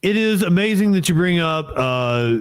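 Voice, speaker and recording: A man's voice: high-pitched, animated, moderate pace, clean tone, dry recording. A man hosting a livestream, chiming in with short, dry questions and remarks. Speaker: livestream host. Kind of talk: casual chat.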